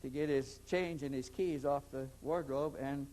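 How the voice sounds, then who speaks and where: A man's voice: mid-range voice, fairly even intonation, moderate pace, dark tone, low-quality recording. A man in an interview, telling a long story in a rambling way and often repeating his first words. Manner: rambling, repeats words when starting sentences. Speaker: interviewee recounting experiences. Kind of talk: anecdotal storytelling.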